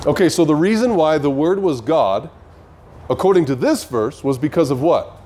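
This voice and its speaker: Male Bible teacher, somewhat high voice, emphatic, keeps asking the audience questions. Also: expressive, normal speed, warm tone, a little hiss or hum. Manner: emphatic, asks rhetorical questions. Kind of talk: online Bible study teaching.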